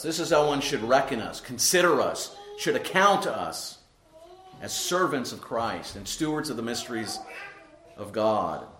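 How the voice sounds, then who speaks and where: A male pastor delivering a sermon in a church sanctuary, his voice ringing with room echo. He is emphatic and repetitive, driving key words home and checking in with a rhetorical "right?" His pitch sits in an ordinary middle range. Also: fairly bright tone. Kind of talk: expository sermon. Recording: echoey room.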